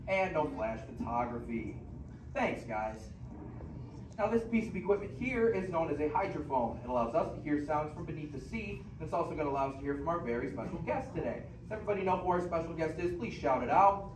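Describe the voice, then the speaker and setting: A man hosts a live show, calling out safety rules and cues to the crowd in a loud, upbeat voice that sits high. He is caught from far off in an echoey theater with noise around him. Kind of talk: live pre-show announcements.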